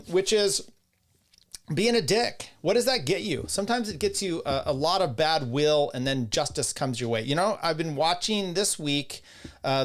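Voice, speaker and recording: A man hosting a casual solo livestream, rambling with restarts, crude asides and laughs at his own remarks. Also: medium pitch. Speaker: host.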